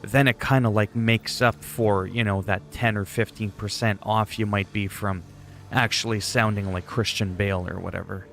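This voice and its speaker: A man rambles casually on his game stream in a low voice with a gravelly, fry-laden texture. He is goofy and self-deprecating, drifting from one thought to the next. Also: steady tone, moderate pace, a bit bright, slight background noise. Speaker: gaming livestreamer. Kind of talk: casual livestream chat.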